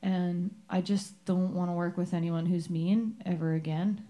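A woman musician, a guest in a radio studio, talking in a soft-spoken, halting way during a casual interview. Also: fairly low pitch, steady tone. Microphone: studio microphone.

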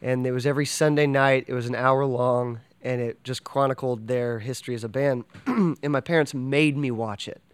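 Enthusiastic rambling man, smooth voice. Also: medium pitch, fairly even intonation, moderate pace, hardly any pauses, dry recording. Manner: enthusiastic, rambling, with many fillers and restarts. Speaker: drummer and podcast guest. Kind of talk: casual interview chat.

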